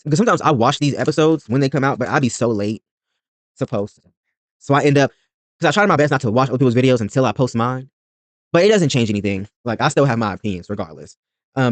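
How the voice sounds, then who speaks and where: A man's voice: mid-range voice, no room sound. A man hosting a reaction video, recapping a reality show in a rambling, blunt and profane way.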